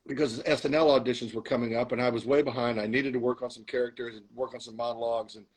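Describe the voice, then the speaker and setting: Husky animated middle-aged man telling stories. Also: mid-range voice, quick pace, poor audio. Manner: animated storyteller, acts out arguing with himself. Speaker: guest, comedian and actor. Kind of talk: storytelling in a podcast interview.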